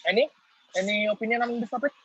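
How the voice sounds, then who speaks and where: High-voiced moderator, husky. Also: male voice, fast, a bit bright, dry recording. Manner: polite, formal, calls on people. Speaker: discussion moderator. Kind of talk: online group discussion. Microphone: video call. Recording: dry, dull video call audio.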